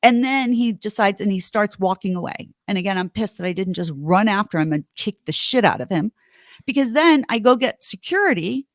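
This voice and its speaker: A woman's voice: medium pitch, animated, fairly quick, no room sound, clean studio sound. A middle-aged woman, a podcast host, telling a story in a heated, indignant way with plenty of swearing. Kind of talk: casual podcast chat.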